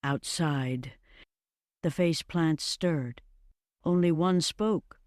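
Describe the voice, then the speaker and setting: A narrator reading a fantasy story slowly and evenly, in a scripted storybook style. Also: mid-range voice, no echo, studio quality. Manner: slow, measured and even.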